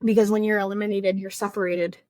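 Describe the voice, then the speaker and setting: A woman recounting her experience in a relaxed interview, chatty and full of filler "likes". Her voice sits at an ordinary middle pitch. The recording is dry and close, with no room sound. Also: fast talker, dry recording. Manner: chatty storytelling, heavy use of "like". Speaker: baking competition contestant, guest. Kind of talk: casual interview chat.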